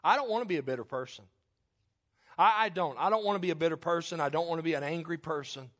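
High-voiced pastor preaching a sermon. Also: male voice, fast talker. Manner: conversational preaching with humor, swings from loud outbursts to quiet confession.

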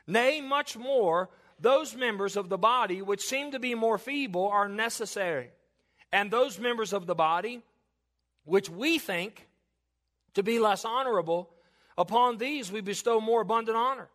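A male pastor giving a sermon in church, reading scripture slowly and emphatically, then praying in a hushed voice. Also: sits high.

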